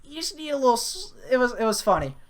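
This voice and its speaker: A woman's voice: sits high, fast talker. A young woman hosting a podcast, telling a casual story full of fillers and restarts. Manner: rambling with many fillers and restarts; grows animated and loud at the climax. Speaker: podcast host.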